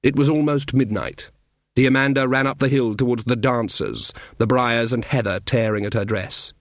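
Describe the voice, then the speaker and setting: A man narrating an audiobook with a dry, wry, even delivery. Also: mid-range voice, moderate pace, dry recording.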